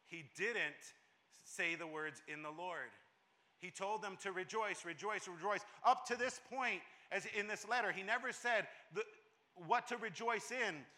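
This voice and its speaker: A male pastor preaching a sermon with a high, very bright, piercing voice. He drives his points home through repetition and often stumbles and restarts a phrase. His tone stays emphatic throughout.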